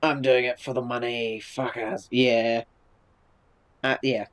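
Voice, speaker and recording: A laid-back man chats on a live stream and answers viewer messages as they come in. His voice sits at an ordinary middle pitch. He swears casually and often stops and restarts his sentences. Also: level tone, takes it slowly, low-quality recording.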